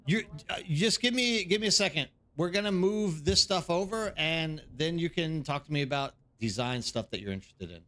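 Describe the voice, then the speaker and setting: A man's voice: on the high side, animated, fairly quick, hardly any pauses, sharp tone. A man hosting a live game stream, chatting casually and rambling while greeting viewers by name. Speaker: streamer host.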